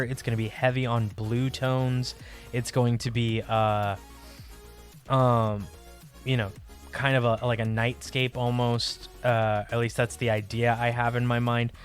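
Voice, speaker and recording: A man chatting casually as he streams his drawing, rambling with lots of fillers and easy laughs. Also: medium pitch. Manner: relaxed and rambling, many fillers, laughs often. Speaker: live art streamer. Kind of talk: casual chat while drawing. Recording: faint music behind the voice.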